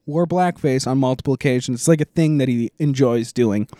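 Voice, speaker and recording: A man hosting a podcast in casual banter, ranting loudly and profanely with frequent laughter. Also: medium pitch, fairly quick. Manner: loud, laughing, profane rants. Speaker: podcast host.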